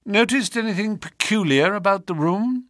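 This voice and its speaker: A man's voice: high-pitched, animated, a bit bright, no room sound, pitched above the performer's own voice. Cool clever detective, man doing the voice, precise and sure, dry close sound. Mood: assured. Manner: measured, precise and assured. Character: calm, sharp male detective, confident and wry.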